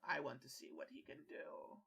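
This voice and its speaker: A man doing a hushed, sinister old emperor. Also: moderate pace, lightly acted. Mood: menacing.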